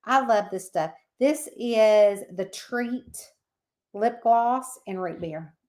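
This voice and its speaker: A woman's voice: a little high, slow, darkish tone. A woman hosting a casual livestream, chatting and reading out viewer comments by name. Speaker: livestream host.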